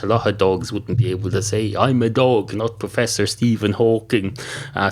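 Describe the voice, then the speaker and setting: An Irish man hosting a podcast from his small spare bedroom, delivering a rambling, self-mocking comedy monologue full of ums and uhs. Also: medium pitch. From Ireland. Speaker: podcast host.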